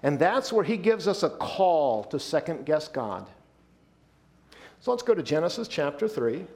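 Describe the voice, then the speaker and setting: A male pastor delivering a sermon, emphatic, slowing down and dropping his voice to stress key points. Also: a little high, sing-song, darkish tone.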